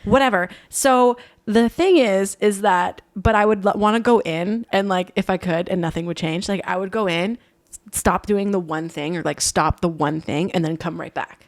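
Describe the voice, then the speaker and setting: Woman in her thirties, casual podcast chat, teasing, rambling, mid pitch. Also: moderate pace. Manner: chatty and teasing, talks in rambling restarts. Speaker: podcast co-host.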